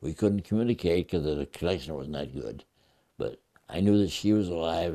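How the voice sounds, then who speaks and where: An older man, a war veteran, recounting his memories in an interview in a halting way with frequent restarts and a gravelly voice. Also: deep voice, animated, warm tone.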